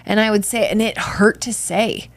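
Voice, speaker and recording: A woman's voice: mid-range voice, steady tone, moderate pace, no room sound. A woman co-hosting a podcast, speaking in a casual, reflective conversation and often murmuring agreement. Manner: warmly affirming, frequent agreement sounds. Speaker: podcast co-host.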